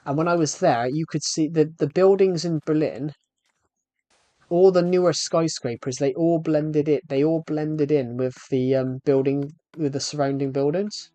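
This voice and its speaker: A man's voice: on the high side, steady tone, moderate pace, warm tone, dry recording. A man streaming live, chatting in a rambling, casual way and talking straight to his viewers. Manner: rambling, addresses viewers directly. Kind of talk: casual live-stream chat while gaming.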